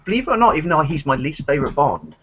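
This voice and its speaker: A man co-hosting a casual group chat, teasing and rambling through his points. His pitch swings widely as he jokes. The sound is dull and lo-fi, with a faint hiss behind him. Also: rapid-fire. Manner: joking, animated, rambling. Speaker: podcast co-host. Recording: dull lo-fi stream audio.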